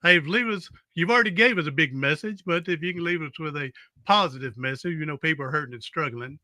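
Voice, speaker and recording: A man's voice: fairly high pitch, fast, pushed and bright, no echo, clean studio sound. A man with a Southern US accent hosting a podcast in casual interview chat, drawling and chatty. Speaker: podcast host.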